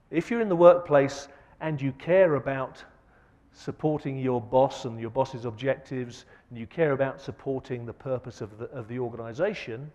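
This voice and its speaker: A man giving a conference lecture, asking the audience rhetorical questions with an emphatic delivery that swings between loud and soft. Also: medium pitch. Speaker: keynote speaker. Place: large conference hall. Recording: long hall reverb.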